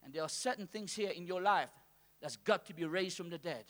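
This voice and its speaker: High-voiced preaching pastor, man. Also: brisk. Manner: call-and-response preaching, swings from soft to shouting. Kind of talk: sermon. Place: church hall with congregation.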